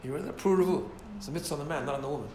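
Animated man with a high voice teaching Torah. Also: racing, a little hiss or hum. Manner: animated, mixes Hebrew and Yiddish terms, asks listeners rhetorical questions. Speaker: rabbi teaching a class. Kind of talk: informal Torah class. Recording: roomy echo, faint ambience.

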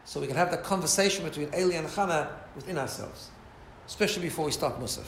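In an informal Torah lesson, a rabbi talks at a quick pace in a voice on the high side. Lively and peppering his speech with Hebrew and Yiddish terms, he asks listeners rhetorical questions, his pitch rising and falling, while faint ambience hums in the echoey room.

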